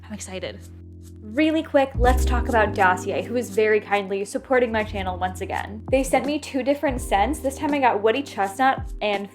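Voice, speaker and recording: A woman's voice: on the high side, moderate pace. Bubbly young woman chatting over music. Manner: bubbly, chatty, frequent likes and laughs. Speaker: art channel host. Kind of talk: casual chat with sponsor read.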